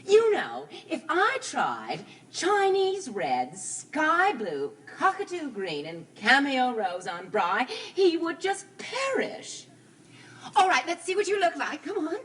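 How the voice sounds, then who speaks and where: A woman's voice: high voice, wildly swooping pitch, slow pace, a bit bright, a little hiss or hum, heavily acted. An actress playing an affected, theatrical rich young woman in a 1970s TV soap opera, gushing as she talks.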